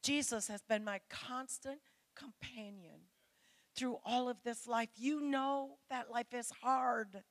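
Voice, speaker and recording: A woman's voice: on the high side, takes it slowly, no echo. A middle-aged woman preaching a sermon to women, earnest and pleading as she speaks straight to her listeners.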